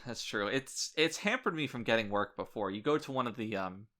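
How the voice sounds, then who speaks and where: A man hosting a casual podcast chat, telling animated stories with crude, irreverent humor. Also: medium pitch, fairly quick. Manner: animated storyteller, acting out quoted people. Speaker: podcast host.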